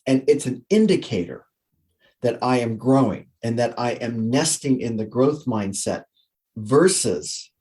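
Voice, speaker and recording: A man, a guest author and coach, giving energetic conversational interview answers and acting out his own inner thoughts. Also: medium pitch, a little slow.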